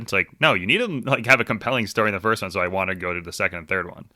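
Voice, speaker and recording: A man with a low but very bright, tense voice, recorded dry and close with no room sound. He co-hosts a casual podcast chat, animated and quick to laugh. His pitch jumps up whenever he gets emphatic. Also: dry recording. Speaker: podcast co-host.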